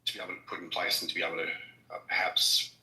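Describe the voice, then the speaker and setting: A man speaking in a casual chat, halting with lots of ums and restarts. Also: low-pitched, completely flat delivery, pushed and bright, echoey room, low-quality recording.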